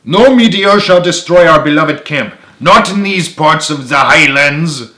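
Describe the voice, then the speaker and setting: Man doing a put-on Scottish accent, pompous young man, high and loud, roomy echo. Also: animated, measured pace. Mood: dramatic. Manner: grand, dramatic proclaiming.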